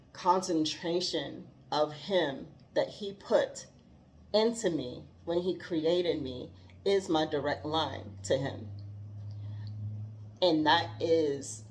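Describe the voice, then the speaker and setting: A woman's voice: low voice, a little mellow, a little hiss or hum. A woman talking earnestly about faith and growth, heartfelt and given to laughing. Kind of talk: reflective faith talk.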